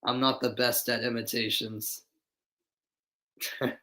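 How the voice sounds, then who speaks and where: A man's voice: medium pitch, little pitch movement, slow, pushed and bright. Chatty man calling a ballgame live. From Boston, USA. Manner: chatty, replies to live chat viewers between plays. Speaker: amateur play-by-play commentator. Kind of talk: live play-by-play commentary with chat asides. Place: dimly lit room at home.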